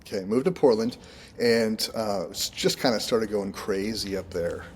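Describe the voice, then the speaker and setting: A man from Oregon, a minister and contractor, chatting casually as a guest in an interview, relaxed and rambling, often laughing. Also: fairly low pitch, a little slow, breathy edge. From Oregon, United States.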